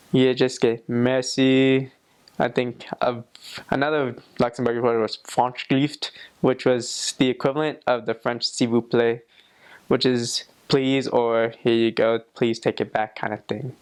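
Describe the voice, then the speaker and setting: A man's voice: mid-range voice, level tone, a little slow, clear, resonant tone. A young man talking casually about his travels, loose and chatty with many fillers and laughs at himself. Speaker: traveler sharing experiences. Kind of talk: casual vlog talk.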